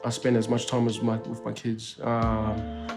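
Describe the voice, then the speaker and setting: A man with an Australian accent talks in an easygoing interview, full of slang, swearing and fillers. His voice sits in an ordinary middle register. Soft guitar music plays faintly underneath. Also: medium pitch, completely flat delivery, unhurried. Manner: laid-back, slangy, swears freely, many fillers. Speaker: rapper interviewed as guest. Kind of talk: casual interview chat. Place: indoor studio.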